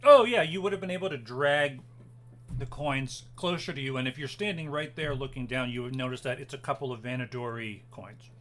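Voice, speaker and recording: A man's voice: medium pitch, brisk, fairly bright tone. A man narrating as game master of a tabletop game, loose and hesitant with plenty of fillers.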